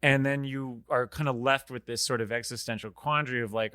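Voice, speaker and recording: Brief: man, podcast host, bright forceful tone, dry close mic, loose rambling talk. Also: medium pitch, fairly even intonation, a little fast, smooth, no room sound. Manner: rambling, restarts, swears casually. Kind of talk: casual book discussion.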